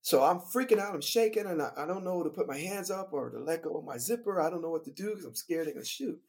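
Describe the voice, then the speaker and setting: A man who plays in a band, telling a story from the road as a guest on a podcast, lively and laughing as he recounts it. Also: a little high, fast talker. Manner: animated, vivid retelling with laughter. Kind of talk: casual storytelling.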